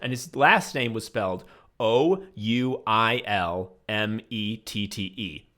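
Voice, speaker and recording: A man's voice: on the low side, slow pace, pushed and bright. A young man from the Chicago suburbs telling a profane, sardonic story as a podcast co-host. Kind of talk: casual chat, storytelling.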